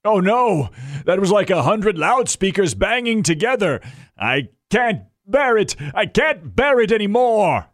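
A woman's voice: medium pitch, very animated, measured pace, voice pushed down. A woman playing a fretful little minister. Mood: distressed. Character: short nervous male minister.

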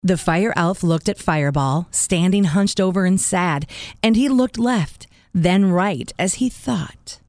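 A woman narrating a children's story in a scripted, expressive way, voicing the sound words with gusto. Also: fairly low pitch, measured pace, dry recording, studio quality.

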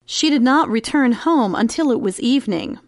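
High, lively woman telling a fairy tale. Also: moderate pace, no room sound, studio quality. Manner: expressive, sing-song storytelling. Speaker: storyteller. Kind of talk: scripted fairy-tale narration.

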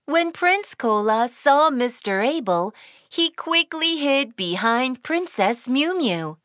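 A woman narrating a children's cartoon story in a sing-song, expressive way. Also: high voice, slow, dry recording, studio quality.

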